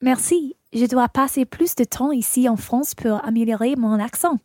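A woman playing a young woman in a scripted dialogue for a language lesson, speaking clearly. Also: on the high side, normal speed, darkish tone, no echo, clean studio sound, lightly acted. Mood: pleased. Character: young woman chatting in French. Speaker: dialogue actor.

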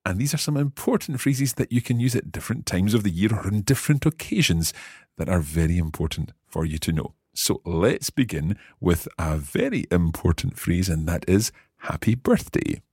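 Deep husky guy teaching a language podcast, upbeat, dry close sound. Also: lively intonation, normal speed, darkish tone, no room sound. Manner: upbeat, explanatory. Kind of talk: language lesson.

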